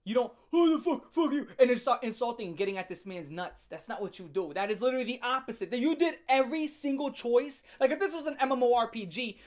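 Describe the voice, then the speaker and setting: Mocking man ranting into the camera. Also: very high voice. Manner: mocking, swings from loud bursts to muttering. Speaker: online rant commentator. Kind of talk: casual profane reaction rant.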